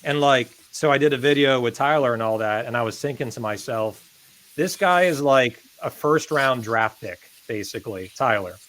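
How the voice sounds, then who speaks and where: A man's voice: mid-range voice, moderate pace, a bit bright, poor audio. Enthusiastic man hosting a podcast. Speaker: podcast co-host. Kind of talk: casual interview hosting.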